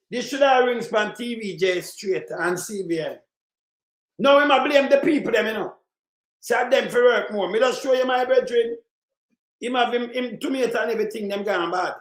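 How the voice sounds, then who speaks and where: High-pitched Jamaican man ranting. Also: roomy sound. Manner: emphatic, often shouting, in patois. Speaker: political commentator. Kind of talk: ranting commentary over clips.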